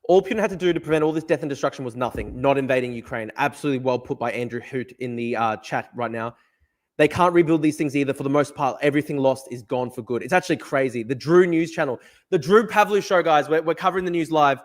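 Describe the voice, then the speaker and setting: A man hosting a live-streamed news show who reacts to chat, swears hard and repeats himself for emphasis. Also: quick pace. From Australia. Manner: profane, emphatic, repeats himself, mocks in a high voice. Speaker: livestream news host.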